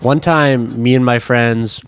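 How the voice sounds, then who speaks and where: A man's voice: mid-range voice, slow, clear, resonant tone, no echo. A young man co-hosting a podcast, telling crude stories in casual chat. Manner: animated crude storytelling. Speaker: podcast co-host.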